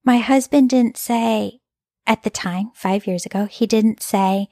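A woman's voice: fairly high pitch, unhurried, mellow, dry recording, studio quality. A woman telling an emotional personal story as a mother in an earnest, heartfelt, confessional way.

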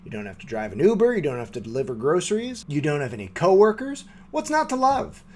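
A man's voice: a little high, big pitch swings, quick pace, darkish tone. A man delivering a short comedy segment as a dry, confident, lecturing monologue. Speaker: segment host. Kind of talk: mock-serious comedy monologue.

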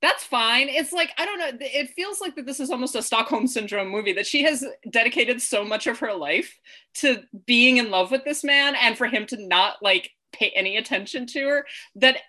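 A woman with a bright, forceful voice, chatting casually as a co-host. She sits a little high in pitch and talks in an animated way, often laughing and swearing as she acts out lines. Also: fairly quick. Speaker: podcast co-host. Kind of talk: casual chat.

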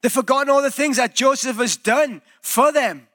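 A male pastor preaching a sermon in a church, telling the story in a lively way and acting out the quoted voices. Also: very high voice, normal speed.

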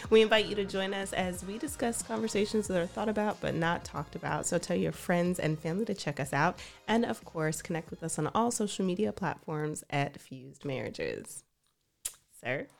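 A woman's voice: fairly low pitch, animated, normal speed, gravelly, soft background music. A woman co-hosting a relationship podcast, welcoming listeners and steering the conversation with questions. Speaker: podcast co-host.

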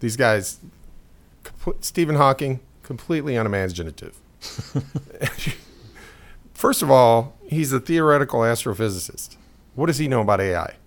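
A man talks through a casual podcast conversation in a rambling, opinionated way, breaking into laughter often. His voice sits at an ordinary middle pitch. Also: lively intonation, moderate pace, pauses often. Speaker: podcast co-host. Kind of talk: casual chat.

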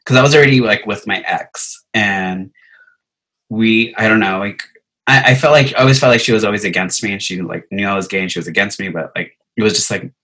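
A man's voice: lowish voice, brisk, sharp tone, poor audio. A young man telling a personal story in casual chat, rambling and full of filler words. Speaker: podcast guest telling a story.

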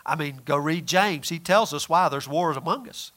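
A man with a high, bright voice delivers a sermon to his congregation. He talks in a folksy, emphatic way, punching some points loudly and dropping others to a near murmur. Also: moderate pace. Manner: folksy and emphatic, swings between loud and quiet. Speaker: preacher.

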